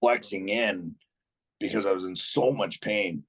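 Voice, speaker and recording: A man's voice: lowish voice, a little slow, breathy edge, poor audio. A man being interviewed as a podcast guest, telling a story casually and bluntly, swearing freely, restarting his sentences and chuckling along the way.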